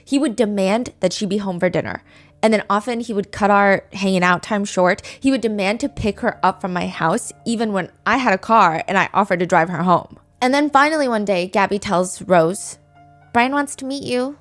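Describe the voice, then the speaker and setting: A woman's voice: mid-range voice, moderate pace, faint music behind. A woman hosting a podcast, telling a true-crime story in a casual, chatty way and often saying "like". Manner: chatty, relays others' words with frequent likes. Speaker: podcast host.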